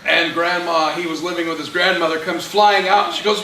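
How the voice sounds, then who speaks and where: A pastor telling a personal story in a sermon, acting out the voices of the people in it. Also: male voice, a little high, brisk. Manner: animated storyteller acting out quotes. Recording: echoey room, mic at a distance, faint hiss.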